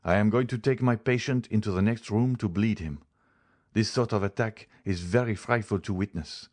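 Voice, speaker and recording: A grave male doctor speaks in a low, steady voice, laying out his case with measured insistence, as a male narrator reads him. The voice stays close to the reader's own, deep and unhurried. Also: lightly acted. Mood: calm authority. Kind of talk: audiobook character voice.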